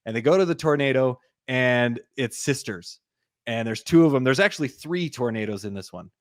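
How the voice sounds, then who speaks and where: A man's voice: medium pitch, expressive, moderate pace, no room sound, studio quality. A young man co-hosting a podcast, rambling through a movie plot with lots of fillers. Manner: rambling retelling, lots of "like", acts out quotes. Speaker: podcast co-host. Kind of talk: casual movie recap chat.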